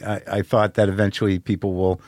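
A man's voice: fairly low pitch, little pitch movement, fast talker, darkish tone, no echo. A man hosting a casual interview, rambling with lots of restarts and swearing. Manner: rambling, frequent restarts, profane. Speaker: podcast host.

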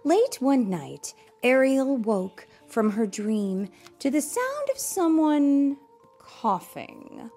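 A young adult mother reading a bedtime storybook aloud, animated, with playful asides. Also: sits high, takes it slowly, soft background music.

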